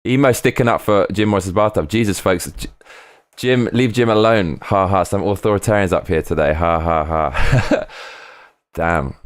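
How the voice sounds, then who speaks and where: A man's voice: sits low, moderate pace, no echo. A man on a casual live stream, rambling between topics, swearing freely and reading viewer comments aloud.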